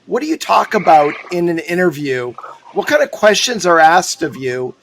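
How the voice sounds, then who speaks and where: A man's voice: high-pitched, very animated, normal speed, vocal fry, fairly bright tone, a little hiss or hum, low-quality recording. A man hosting a podcast and asking casual interview questions in a string. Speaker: podcast host.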